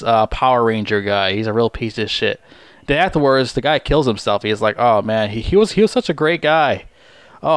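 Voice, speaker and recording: A man's voice: medium pitch, darkish tone, dry recording, studio quality. A man ranting angrily to the camera in a profane, repetitive way, stammering over restarts and mocking others sarcastically. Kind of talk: angry rant.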